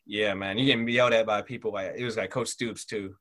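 A middle-aged man telling stories from his past in a relaxed, rambling way, full of fillers and restarts. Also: on the low side, quick pace. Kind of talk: casual interview storytelling.

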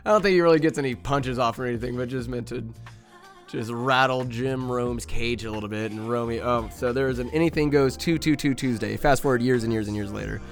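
Dude from norcal doing a rambly crude comedy podcast, laughs a lot. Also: male voice, mid-range voice. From Northern California. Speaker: podcast host.

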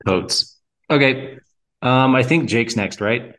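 Man, podcast co-host, playful, slangy, excitable, average pitch. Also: takes it slowly. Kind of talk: casual chat, quiz host.

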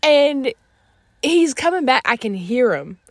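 A young woman with a high voice chats with friends, telling a funny household story and laughing her way through it. Her delivery is animated and loose, full of fillers and giggles. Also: slow, no room sound. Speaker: podcast co-host. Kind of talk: casual chat, storytelling.

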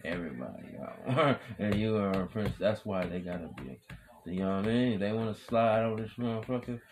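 A man hosting his own podcast in a rambling, profane hype monologue, repeating chants and swinging from loud shouting to low mutters. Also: lively intonation, brisk, noisy background. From Wisconsin. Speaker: podcast host.

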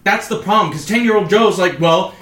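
A man co-hosting a casual podcast chat, animated and repetitive, often acting out his own inner voice. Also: on the high side, moderate pace, reverberant. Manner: animated, acts out inner voices, repeats phrases. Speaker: podcast co-host.

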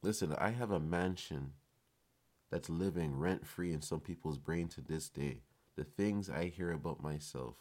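A man's voice: rumbling low, measured pace, darkish tone. A man hosting a podcast, speaking in a casual, emphatic motivational monologue, swearing freely. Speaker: podcast host.

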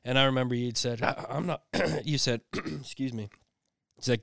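A man's voice: medium pitch, normal speed, no echo, studio quality. A man hosting a casual talk, telling stories in a rambling way with many restarts. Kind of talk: casual conversation.

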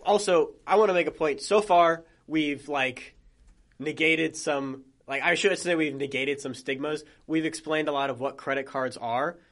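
A man's voice: a little high, moderate pace, a bit bright. A young man co-hosting a podcast in casual chat, joking and rambling with lots of "like" fillers. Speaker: podcast co-host.

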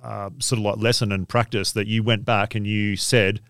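A man's voice: on the low side, little pitch movement, normal speed, a bit bright, smooth, no echo, clean studio sound. A man, chatting casually on a podcast in a supportive, affirming way. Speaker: podcast co-host. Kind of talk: casual chat.

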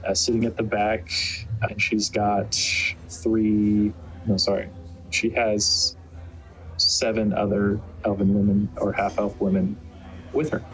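A man's voice: on the low side, flat delivery, takes it slowly, pauses often, faint music behind, rough recording. A man narrating as game master, rambling with many fillers and restarts.

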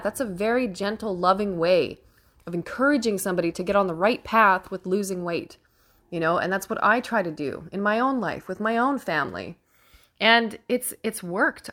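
A young woman hosting a casual opinion monologue, her voice sitting at an ordinary middle pitch. She speaks with earnest emphasis, swears freely and laughs often, sounding close to tears with emotion. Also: fairly bright tone. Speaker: host.

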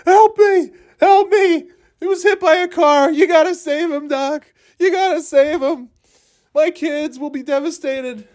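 A man voicing an earnest grown man who treats his bike like a pet dog, in a high, squeaky, pleading voice. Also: a little slow, darkish tone. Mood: frantic.

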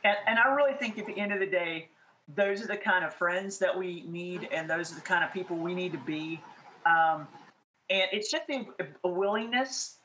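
A woman from the American South co-hosts a casual faith podcast. Her voice is bright and lively as she talks in an encouraging way, laughing easily. The room echoes, with a faint hiss behind her. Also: on the low side, moderate pace. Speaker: podcast co-host.

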